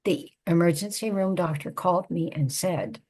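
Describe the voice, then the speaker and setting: Husky-voiced older woman telling a story. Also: lowish voice, darkish tone. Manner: measured, reflective storytelling. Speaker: guest, psychotherapist and author. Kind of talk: personal storytelling in conversation.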